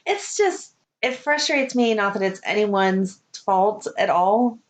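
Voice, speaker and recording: Casting: middle-aged woman, chatty podcast co-host, casual animated storytelling. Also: medium pitch, takes it slowly. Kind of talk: casual chat.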